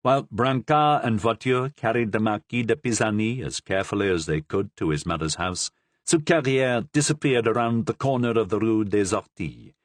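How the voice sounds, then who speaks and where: A man giving a measured, low-toned narration of a historical novel. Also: dry recording. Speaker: audiobook narrator.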